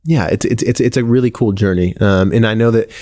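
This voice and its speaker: Fast-talking low-voiced male podcast host. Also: dry recording, clean studio sound. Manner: rambling, swears freely, gets animated retelling stories. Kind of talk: casual conversational podcast chat.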